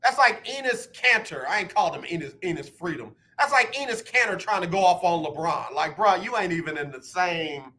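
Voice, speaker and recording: Radio host, man in his sixties, high bright voice, emphatic and heated sports talk. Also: expressive, normal speed, hardly any pauses. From United States. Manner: emphatic, repeats words when fired up.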